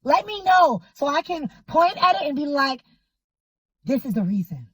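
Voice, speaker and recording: Woman, 30s, casual storyteller. Emphatic and exasperated, fairly high pitch. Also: big pitch swings, moderate pace, fairly bright tone, no echo, rough recording.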